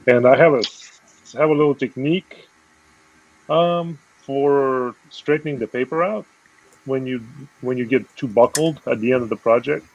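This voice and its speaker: A man on a video call, calmly explaining an art technique step by step with lots of fillers. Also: medium pitch, normal speed, dull audio. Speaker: guest artist.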